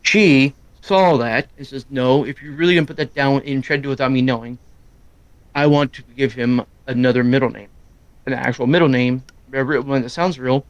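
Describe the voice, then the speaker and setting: A middle-aged man chatting casually on a live stream, loud and quick, rambling from story to story. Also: medium pitch, no echo, highs cut off. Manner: loud, fast-talking, rambling. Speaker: streamer co-host. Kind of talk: casual chat.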